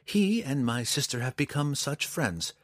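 Sly woman ranger voiced by a man, mock-sweet, slow and soft, storybook. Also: mid-range voice, sing-song, no room sound, studio quality, pitched above the performer's own voice. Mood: teasing. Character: teasing strong woman ranger.

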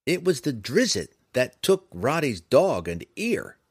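High shaky voice, man doing a stout boastful tavern storyteller, animated, audiobook. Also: slow pace, husky, no room sound, clean studio sound, exaggerated voice. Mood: insistent. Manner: shaky, quivering, higher-pitched voice. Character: fat-bellied tavern storyteller, boastful then nervous.

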